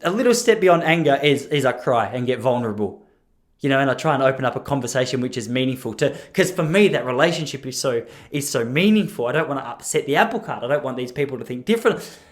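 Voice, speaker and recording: A man's voice: medium pitch, animated, fast. A man, rambling and joking about himself as a podcast host. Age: 30s. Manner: self-deprecating, rambling with restarts and laughs. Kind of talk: solo rambling podcast monologue.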